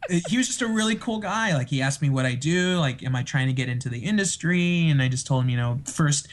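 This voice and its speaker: A man telling stories in a casual podcast chat, excitable and laughing often as he acts out what people said. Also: on the high side, fast talker, slight background noise. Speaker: podcast guest.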